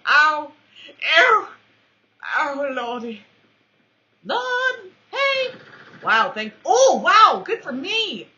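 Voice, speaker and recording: A woman commentating her own shooter match, with playful trash talk, mock-formal quips and excitable yelps. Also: very high voice, very slow, long pauses. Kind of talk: let's-play commentary. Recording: dull lo-fi recording.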